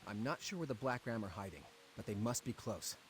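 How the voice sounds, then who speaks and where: A jittery townsman from a fantasy game, played by a man, confiding secrets in a hushed, conspiratorial tone. His voice sits fairly low. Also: lively intonation, brisk, slight background noise, close to an everyday voice. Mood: worried. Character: nervous young townsman sharing a secret.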